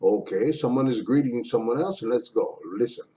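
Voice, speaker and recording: A man's voice: mid-range voice, moderate pace, warm tone. A man teaching an introductory Japanese lesson in a casual, playful way, repeating words aloud for his students. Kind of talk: casual online language lesson.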